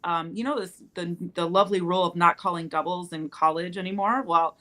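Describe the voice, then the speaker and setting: A woman who coaches volleyball, casually telling animated stories and laughing as she goes. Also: fairly low pitch, fairly quick. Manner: animated storyteller, laughs mid-story. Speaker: volleyball coach and podcast host. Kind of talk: casual chat.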